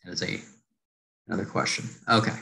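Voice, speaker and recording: A man moderating a webinar Q&A. He explains patiently and repeats points to make them clear. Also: fairly quick, bright, forceful tone, low-quality recording.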